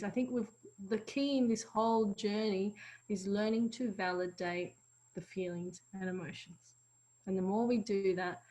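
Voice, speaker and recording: A woman's voice: medium pitch, rough recording. A woman co-teaching a parenting course, sharing stories from home and laughing between points.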